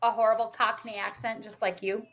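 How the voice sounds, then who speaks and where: A woman's voice: a little high, flat delivery, brisk, a little hiss or hum. A woman from Minnesota, a guest on a casual podcast, playful and jokey, cutting in with quips. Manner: playful, jokey, interjecting with loud call-outs.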